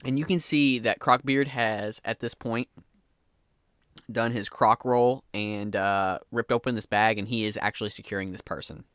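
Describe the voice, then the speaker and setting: A man's voice: fairly low pitch, steady tone, moderate pace, a bit bright, clear, resonant tone, no echo, studio quality. A man running a tabletop game as game master, narrating in a casual manner with the odd swear word.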